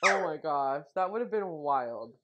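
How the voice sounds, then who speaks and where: A woman's voice: low voice, animated, unhurried, heavy background noise. Rambling young woman, muffled lo-fi sound. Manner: rambling, many fillers and restarts. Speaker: podcast co-host. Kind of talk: casual chat. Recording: muffled lo-fi recording.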